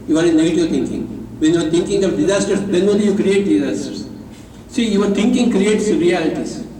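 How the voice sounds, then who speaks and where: Indian man, spiritual teacher, high voice, emphatic and teasing, repeats his points, heard from afar in a big hall. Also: dark tone, slight background noise. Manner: emphatic and repetitive, teasing, leads call-and-response. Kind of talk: spiritual talk to a live audience. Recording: echoey hall, voice from a distance.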